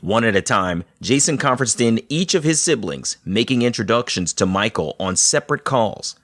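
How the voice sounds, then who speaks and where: A man's voice: on the low side, normal speed, dry recording, studio quality. A man hosting a podcast, narrating the story and reacting to his guest with short replies. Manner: narrates in a lively voice, short reactions while listening. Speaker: podcast host. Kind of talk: scripted narration and interview.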